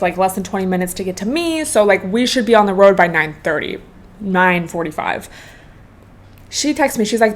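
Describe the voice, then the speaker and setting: A woman in her twenties hosting her podcast, telling a casual storytime full of "like" and "bro" and swearing freely. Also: mid-range voice. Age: 20s. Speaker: podcast host.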